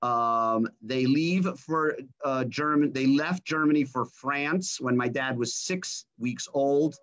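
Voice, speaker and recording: Middle-aged man, guest speaker, halting storyteller, slightly muffled lo-fi sound. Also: medium pitch, a bit bright. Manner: halting, many ums and uhs. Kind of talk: storytelling talk.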